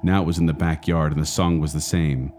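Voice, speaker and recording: A man's voice: rumbling low, fairly quick. A middle-aged man co-hosting a podcast, telling a spooky story and chatting casually. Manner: dramatic hushed storytelling, then lively chat. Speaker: podcast co-host.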